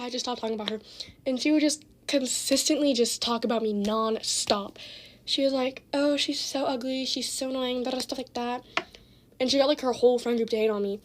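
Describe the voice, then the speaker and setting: A teenage girl telling a casual storytime with lots of slang and cursing, animated as she retells the drama. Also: fairly high pitch, a little hiss or hum. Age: teens.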